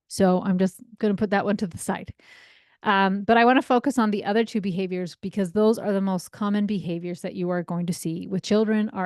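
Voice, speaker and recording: A lively woman in her thirties coaches parents on her podcast, chatty and animated. Her voice sits at a middle pitch and sounds dry and close, with no room around it. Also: dry recording. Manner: energetic, chatty, acts out quoted voices. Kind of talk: solo podcast teaching.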